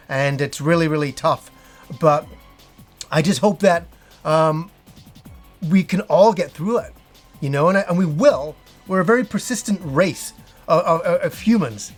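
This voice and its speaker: A middle-aged man, talking casually to his viewers and short of breath, with halting speech full of restarts. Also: on the high side. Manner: halting, with frequent restarts and fillers. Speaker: gaming channel host. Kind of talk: casual personal talk to viewers.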